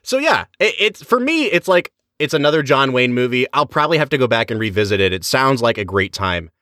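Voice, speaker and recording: Animated man co-hosting a podcast. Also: medium pitch, fairly quick, no echo, studio quality. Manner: enthusiastic, chatty, animated. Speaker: podcast co-host. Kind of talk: casual chat.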